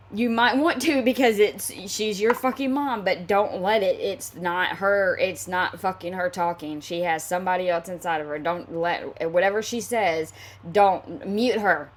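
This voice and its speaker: Angry, profane woman reading messages. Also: mid-range voice. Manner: heated, profane, frequent restarts. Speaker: commentary creator.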